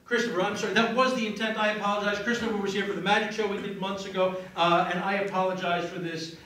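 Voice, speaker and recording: A man working as a stage hypnotist, giving slow soothing suggestions and apologetic banter to volunteers. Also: high voice, flat delivery, a bit bright, recorded from a distance. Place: live venue with audience. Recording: echoey room, taped from afar.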